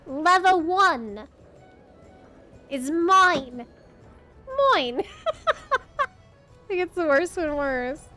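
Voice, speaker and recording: A woman chats casually with her teammates during a game stream. Her voice sits high and she speaks at a relaxed, slow pace. She is playful and giggles often. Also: soft background music. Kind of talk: casual chat while gaming.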